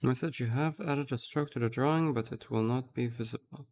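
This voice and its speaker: A man's voice: mid-range voice, brisk. A man streaming live, chatting casually as he thinks aloud and gushes over a tool he likes. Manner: thinking aloud, gushing with excitement.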